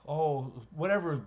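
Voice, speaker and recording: A man, a pastor, teaching a Bible study in a conversational way, clearing his throat often and restarting phrases. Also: on the high side, a little mellow. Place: church. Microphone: livestream recording.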